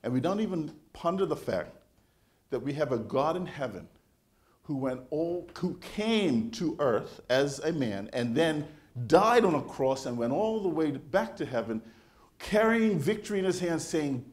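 Animated storytelling male pastor. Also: a little high, unhurried. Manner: animated, conversational storytelling with frequent restarts. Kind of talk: sermon.

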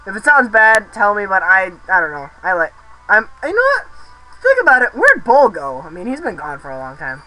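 A young man casually commenting on his gameplay, rambling, swearing and shouting excitedly at the game. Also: sits high, low-quality recording. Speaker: let's play host.

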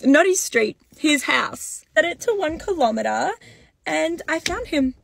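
High rambling woman with vocal fry. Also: animated, normal speed, no room sound. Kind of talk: casual vlog.

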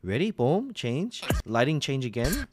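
Excitable Australian man streaming live. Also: mid-range voice, a little slow, background noise. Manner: excitable, reactive, chatty with many fillers. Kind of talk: live reaction stream chat.

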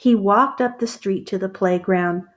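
A woman reads a picture book aloud to children at an unhurried pace, with plenty of expression. She stops now and then to ask the young listeners questions. The recording sounds a little muffled. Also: medium pitch.

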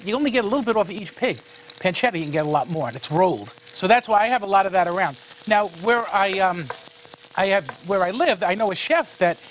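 A man's voice: high-pitched, expressive, quick pace, slight background noise. A man hosting a cooking show, chatting folksily while he cooks. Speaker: cooking show host, a monsignor.

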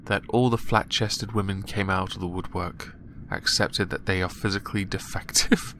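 A man's voice: lowish voice, vocal fry, fairly bright tone, a little hiss or hum. A man giving casual, mocking commentary on news stories, sarcastic and chuckling at his own jokes. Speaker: commentary vlogger.

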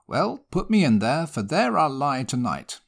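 A man's voice: medium pitch, very animated, measured pace, creaky, heavily acted. A man voicing an impatient, commanding country squire who speaks brusquely.

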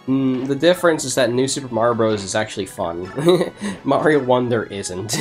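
A man's voice: mid-range voice, lively intonation, moderate pace, soft background music. A man hosting a let's play, chatting casually in a rambling way and laughing often. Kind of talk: casual gaming chat.

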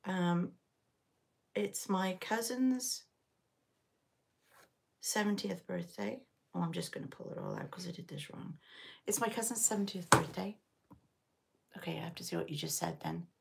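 Chatty woman with a gravelly, husky voice. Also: fairly low pitch, very animated, measured pace, pauses often. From England, Liverpool area. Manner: rambling, chatty, reads and answers live chat. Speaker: knitting channel host. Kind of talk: casual live stitch-along chat. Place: home.

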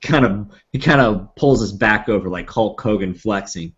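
A man playing a tabletop game, speaking in a menacing, drawn-out way as his character. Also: lowish voice, a bit bright. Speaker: player. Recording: dull lo-fi audio.

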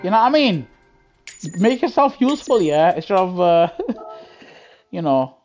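A man's voice: high voice, sing-song, measured pace. Man gaming on stream, slangy banter with chat, headset mic, faint music and engine noise behind. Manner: chatty, reacts loudly to the race, jokes with viewers in slang. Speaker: live-streaming sim racing gamer. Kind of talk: casual live-stream chat while racing.

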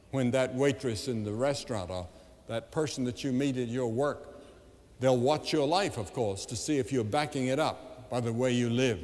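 A man evangelist delivering a revival sermon to a large crowd, emphatic and building to loud appeals, recorded live in an arena. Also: medium pitch. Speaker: evangelist preacher. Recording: long hall reverb, live event.

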